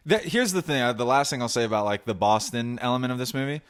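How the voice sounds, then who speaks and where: A man hosts a laid-back podcast in a medium voice. He tells long, animated stories and often stops and restarts mid-sentence. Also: medium pitch, fast, clear, resonant tone. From New Jersey. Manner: rambling, animated storytelling with many restarts. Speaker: podcast host. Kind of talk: casual chat.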